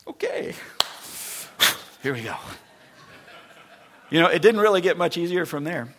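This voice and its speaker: A man's voice: fairly high pitch, a little slow, background noise. A male pastor preaching a sermon, telling stories and acting out the voices of the people in them. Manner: animated storytelling, acting out voices.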